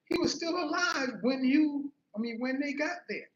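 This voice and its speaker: A blunt, excitable sister who trips over her words when worked up, as a man puts her on, pitched well above his own voice. She scolds in a stammering rush. The sound is roomy and a little muffled. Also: moderate pace. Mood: insistent.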